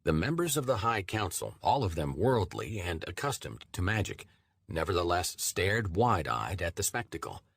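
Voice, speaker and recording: Low husky male audiobook narrator. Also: fairly bright tone, dry recording, studio quality. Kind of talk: scripted first-person narration.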